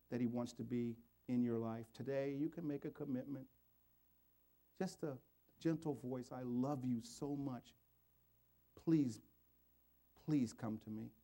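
A man's voice: mid-range voice, dark tone. A man preaching a sermon and leading an altar call and prayer, in an earnest, pleading way, his voice rising and falling. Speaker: pastor.

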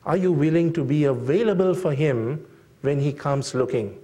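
A man preaching a sermon, slow and deliberate, with frequent fillers and emphatic rhetorical questions to the congregation. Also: a little high, mellow.

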